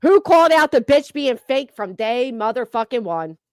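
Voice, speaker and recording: A woman's voice: a little high, very animated, normal speed, dry recording, studio quality. Sarcastic, foul-mouthed woman streamer. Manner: mocking, profane, sarcastic. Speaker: commentary streamer. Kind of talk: casual reaction commentary.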